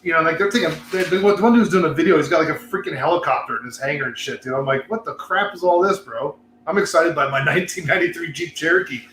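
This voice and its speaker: A man's voice: on the high side, rapid-fire, few pauses, fairly bright tone, echoey room, a little hiss or hum. A man hosting a casual chat show from a cigar lounge, rambling, laughing and swearing as he talks. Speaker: host.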